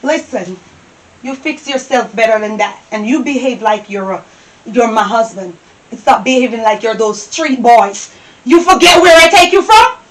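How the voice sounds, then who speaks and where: A woman with a Jamaican accent playing a domineering, scornful wife who scolds her husband and her maid, often breaking into shouts. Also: fairly high pitch, animated, moderate pace, natural voice, poor audio. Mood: scolding. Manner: scolding, cutting, bursts into shouts. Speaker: actor in a Jamaican stage-style movie.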